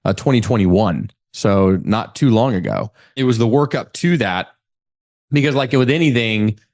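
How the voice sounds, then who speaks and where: A man's voice: on the low side, lively intonation, moderate pace, darkish tone. A man talking energetically as a guest on an interview podcast, with frequent restarts. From California. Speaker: guest, real estate investor. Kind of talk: casual interview.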